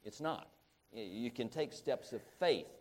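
A middle-aged man preaching a sermon, halting and restarting often, then rising to emphatic peaks. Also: medium pitch, lively intonation.

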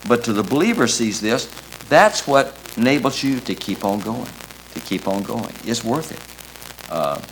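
A man preaching a sermon in an earnest, emphatic way, quoting scripture with halting restarts. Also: mid-range voice, very animated, fairly bright tone, a little hiss or hum, low-quality recording.

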